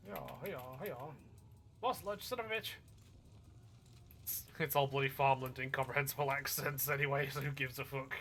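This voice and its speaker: A man casually chatting while streaming a game, excitable, rambling and swearing freely. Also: mid-range voice, moderate pace, long pauses, slight background noise. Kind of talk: casual gaming stream chat.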